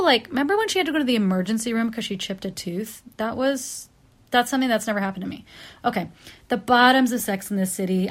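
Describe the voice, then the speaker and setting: A woman talks through her favorite and least favorite moments in a relaxed countdown. Her delivery is wry and chatty, with plenty of "um"s and quick self-corrections. Now and then she jumps into a short, lively impression of someone she is quoting. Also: mid-range voice. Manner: acts out quoted characters in bursts. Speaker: pop culture commentator. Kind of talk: casual list countdown monologue.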